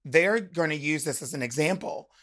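A woman chatting as a podcast guest, an animated storyteller who slips into the voices of the people in her stories. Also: low voice, normal speed. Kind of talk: casual podcast chat.

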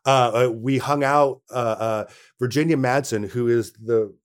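A man's voice: mid-range voice, steady tone, measured pace. A man, an actor being interviewed, telling stories from set and acting out what others said to him. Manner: storytelling, acting out others' quoted lines. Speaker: actor guest. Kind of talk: casual interview conversation.

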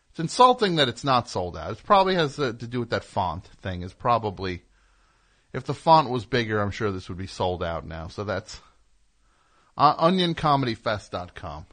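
A man's voice: mid-range voice, a bit bright. Sardonic rambling male radio host. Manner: sardonic, rambling, mock-indignant. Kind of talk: casual call-in radio talk.

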